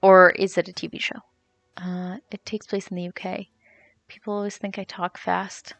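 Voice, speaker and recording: A woman's voice: fairly low pitch, flat delivery, normal speed, gravelly, fairly bright tone, no echo, faint music behind. A young woman streamer chatting casually and rambling as she answers viewers while she plays. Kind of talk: casual chat while gaming, reading chat.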